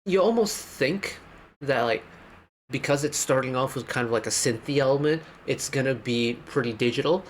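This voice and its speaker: A man's voice: mid-range voice, normal speed, slight background noise. Enthusiastic man breaking down a song. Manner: enthusiastic, detail-focused. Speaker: music reaction host. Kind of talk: casual music breakdown.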